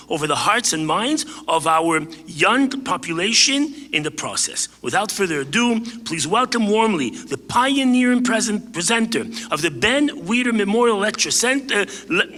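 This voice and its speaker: A man's voice: sits high, expressive, moderate pace, few pauses, bright, forceful tone, big-room sound. A man giving a formal introduction of a guest speaker, stumbling over words as he reads. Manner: stumbling reading. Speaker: event host introducing the speaker.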